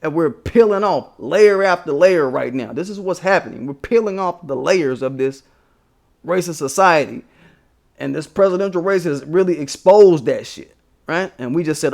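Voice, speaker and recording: Young American male stream host, somewhat high voice, profane and emphatic, laughs with scorn. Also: animated, normal speed, gravelly, darkish tone. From United States. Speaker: livestream host. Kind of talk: casual political rant.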